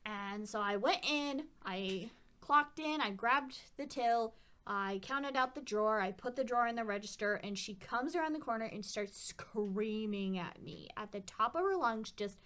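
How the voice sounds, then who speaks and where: A woman with a slightly high voice tells a personal story in a casual vlog. She rambles a little and keeps the tone chatty, dropping wry asides along the way. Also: animated, normal speed, sharp tone. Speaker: vlogger.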